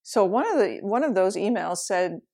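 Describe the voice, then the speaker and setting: A woman's voice: medium pitch, lively intonation, normal speed, vocal fry, a little mellow. A middle-aged woman, a meditation teacher, telling a personal story in a candid, reflective way, laughing now and then. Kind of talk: storytelling talk.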